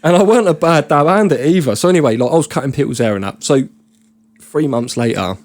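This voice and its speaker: A man's voice: on the high side, lively intonation, quick pace, darkish tone. A man with a British accent, a podcast guest telling rambling, laddish stories full of slang and swearing. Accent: British English. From Britain. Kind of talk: casual storytelling chat.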